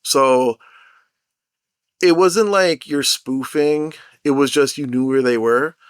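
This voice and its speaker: A man's voice: medium pitch, takes it slowly, smooth, dry recording, studio quality. Rambling, profane young man ranting. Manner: rambling, profane, animated storytelling. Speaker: mobile game content creator. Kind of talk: unscripted vlog rant.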